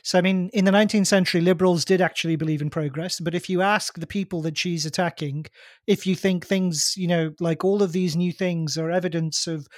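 Higher-voiced man arguing a point, dry sound. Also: steady tone, brisk, no room sound. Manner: argumentative, hedging. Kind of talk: casual podcast discussion.

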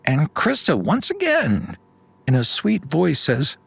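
A man telling an improvised comic bedtime story on a podcast, slipping into quick character voices. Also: fairly high pitch, gravelly, slightly rough, dry recording. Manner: animated storytelling with sudden put-on voices.

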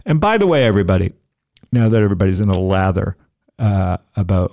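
A middle-aged male podcast host with a gravelly edge and a fairly low voice. He rambles cheerfully, cracks self-mocking jokes and wanders off topic in loose, casual chat. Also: expressive, quick pace, mellow.

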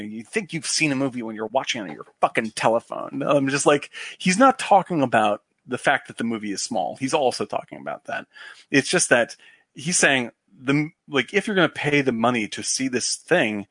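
A man's voice: mid-range voice, animated, normal speed, a bit bright, dry recording, studio quality. A man in casual podcast chat, rambling with many fillers and restarts, swearing freely.

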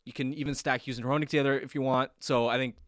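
A man co-hosting a sports talk show, self-deprecating and quick to laugh. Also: mid-range voice, fairly even intonation, no room sound, studio quality. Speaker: sports radio co-host.

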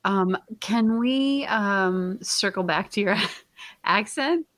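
A woman's voice: mid-range voice, slow pace, a bit bright, no echo, studio quality. A woman from the United States co-hosting a casual comedy podcast, teasing and sarcastic, swearing freely. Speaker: podcast co-host.

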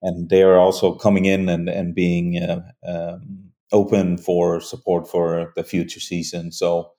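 A man being interviewed about his hunting show, speaking earnestly with frequent pauses and restarts. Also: low-pitched, completely flat delivery, warm tone. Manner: earnest, halting, many fillers and restarts. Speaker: hunting show creator, guest. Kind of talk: conversational interview.

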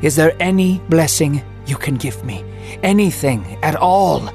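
A heartbroken elder brother, as a male storyteller puts him on, pleading in a raised, somewhat higher voice. He sounds bitter and insistent, with soft music far behind him in this storybook reading. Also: lively intonation, measured pace, gravelly. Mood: desperate.

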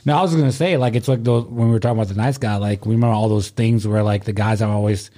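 A man's voice: on the low side, steady tone, racing, dark tone. A man chiming in jokingly during a casual conversation. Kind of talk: casual chat.

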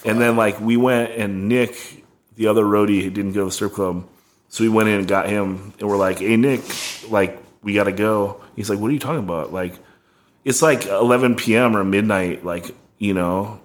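A man's voice: lowish voice, fairly even intonation, moderate pace. A young man casually telling a rambling, profane tour story, full of "like" and laughs. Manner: rambling, heavy on "like", swearing, laughing.

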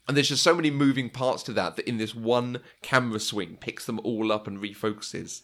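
A man's voice: medium pitch, a little fast, a bit bright. A man co-hosting a casual film discussion, talking with enthusiasm and often laughing. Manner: enthusiastic, laughs often, quotes lines in voices. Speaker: podcast co-host.

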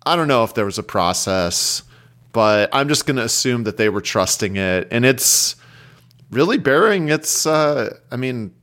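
A man's voice: medium pitch, lively intonation, normal speed, a bit bright. A man co-hosting a casual podcast, making wry jokes in banter with his friends. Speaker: podcast co-host. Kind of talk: casual chat.

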